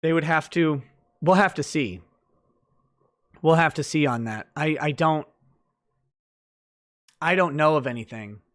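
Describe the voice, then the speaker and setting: A man's voice: a little high, a little slow, long pauses, fairly bright tone. A man hosting a late-night livestream, chatting loosely through viewer comments with lots of fillers and restarts.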